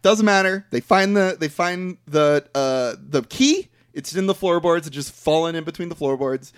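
Male podcast host, somewhat high voice, casual rambling recap, dry close mic. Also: animated, moderate pace, clear, resonant tone, dry recording. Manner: rambling storyteller, swears casually, many fillers.

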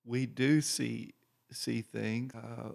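A slow-speaking man with a gravelly, fried edge to his voice shares stories as a guest minister. He rambles a little, with fillers and pauses, and gets louder as a tale builds. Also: mid-range voice. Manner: unhurried, gravelly, many fillers, grows loud and excited telling stories. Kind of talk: casual storytelling chat.

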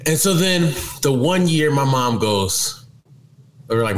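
A man telling a childhood story in casual chat, animated and laughing, protesting indignantly when challenged. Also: mid-range voice, unhurried, low-quality recording. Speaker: storyteller guest.

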